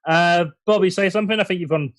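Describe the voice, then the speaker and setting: A man's voice: high-pitched, quick pace, a little hiss or hum. A man hosting a comedy panel show over a video call, laughing often and teasing the guests. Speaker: game show host.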